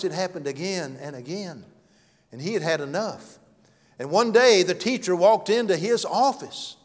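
A man preaching a sermon and telling stories, earnest, swinging from loud to hushed. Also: high-pitched. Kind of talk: sermon with storytelling. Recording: long hall reverb.

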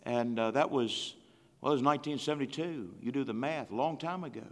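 An older man preaching a sermon in a church, with impassioned delivery and slow, drawn-out emphasis when reading scripture aloud. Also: mid-range voice. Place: church sanctuary. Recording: long church hall reverb.

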